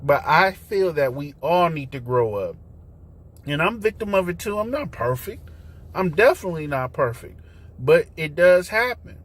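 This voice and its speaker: A man's voice: fairly high pitch, big pitch swings, normal speed, a bit bright. A man hosting his own talk vlog from inside his car, speaking in a loose, conversational way with slang and fillers as he preaches his point. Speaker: host.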